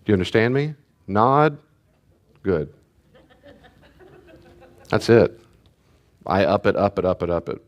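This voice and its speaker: A male pastor teaches in a relaxed, conversational way and keeps slipping into animated stories. His voice sits fairly low but moves over a wide range, rising sharply when he acts out what others said. He laughs easily as he talks. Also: a little slow, pauses often, dull audio. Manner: animated storytelling, acting out quotes, laughing often.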